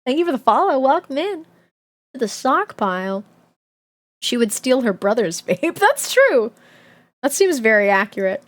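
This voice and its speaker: High, lively streamer woman reading aloud. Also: moderate pace, long pauses. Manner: expressive, chatty, laughing asides. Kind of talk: livestream read-along with chat asides.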